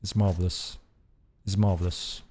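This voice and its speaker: A man's voice: deep voice, little pitch movement, normal speed, dark tone. A man hosting a game developer stream, giving enthusiastic live commentary as he plays and repeating his praise. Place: at a computer playing the game.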